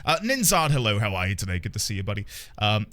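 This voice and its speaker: A man's voice: fairly low pitch, big pitch swings, quick pace, sharp tone. A man live-streaming a game, chatting casually with viewers, greeting them by name and playing up mock outrage.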